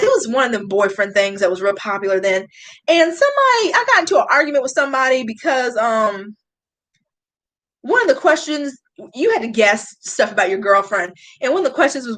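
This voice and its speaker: A woman in her late 20s who makes YouTube beauty videos chats casually and emotionally on a live stream, confiding in viewers and speaking directly to chat. Her fairly high, fairly bright voice comes through a low-quality recording.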